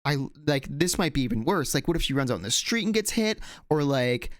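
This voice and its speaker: A man's voice: fairly high pitch, expressive, fairly quick, a bit bright, dry recording, studio quality. A man co-hosting a podcast, telling a long story in a casual, rambling way with lots of fillers, restarts and swearing. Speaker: podcast co-host.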